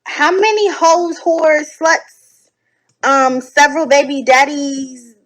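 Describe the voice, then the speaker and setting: A woman giving casual reaction commentary from home at night, animated, sassy and blunt, swearing freely. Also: high voice, takes it slowly, poor audio. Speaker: online commentator reacting to videos.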